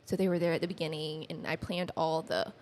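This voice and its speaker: A woman guest on a podcast telling personal stories in a chatty, animated way, acting out quoted dialogue with many fillers. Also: a little fast. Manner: animated, acts out quoted dialogue with lifted pitch. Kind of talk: casual conversational storytelling.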